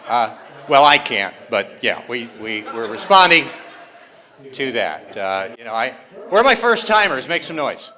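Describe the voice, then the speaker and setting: A man's voice: medium pitch, big pitch swings, unhurried, sharp tone. An older man performing a self-mocking stand-up comedy set on stage, acting out the voices he quotes. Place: conference hall stage with a live audience.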